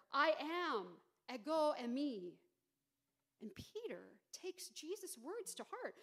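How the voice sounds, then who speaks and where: A middle-aged woman pastor delivers a sermon in a high voice. She retells the story with animated, dramatic emphasis, slowing for the tense moments.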